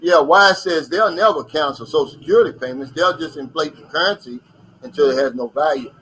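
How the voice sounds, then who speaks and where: A man's voice: on the high side, animated, brisk, fairly bright tone, husky, low-quality recording. An American man hosting a casual live stream, reading out viewer comments and chatting about them. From United States.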